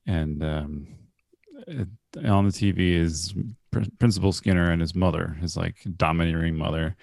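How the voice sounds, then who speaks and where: Male podcast co-host, low gravelly voice, wry storyteller, dry close recording. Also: a little mellow, no room sound. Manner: wry, storytelling, laughs often. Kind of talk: casual movie review chat.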